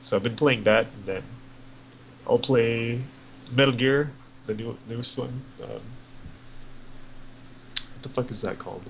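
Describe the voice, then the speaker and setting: A man's voice: mid-range voice, unhurried, creaky, pauses often, slight background noise, low-quality recording. A man co-hosting a podcast, rambling casually about video games with lots of fillers and swearing. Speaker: podcast co-host. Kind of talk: casual gaming chat.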